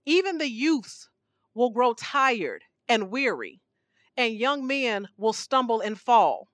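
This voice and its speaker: Woman preacher for a podcast sermon: higher pitch, dry close mic, punchy and emphatic. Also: slow pace, no echo. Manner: emphatic, rhetorical questions, animated swings in volume.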